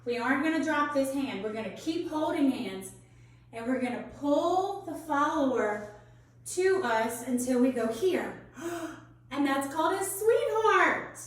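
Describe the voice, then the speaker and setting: A high-voiced woman leads a children's dance class, calling out steps and counts with eager encouragement. She talks slowly and carefully, and her voice rings through a very echoey room, heard from some distance away. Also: lively intonation. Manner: bright, encouraging, counts steps aloud, calls out moves. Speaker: dance teaching artist. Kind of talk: teaching children a dance lesson.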